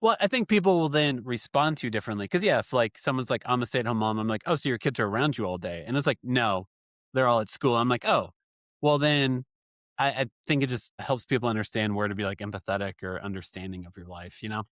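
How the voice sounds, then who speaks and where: A male podcast host talks in loose, rambling casual conversation, poking fun at himself as he goes. His voice sits at an ordinary mid pitch. The recording is close and dry, with no room sound. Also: fast talker, fairly bright tone, dry recording. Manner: rambling, self-deprecating, jokey. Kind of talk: casual chat.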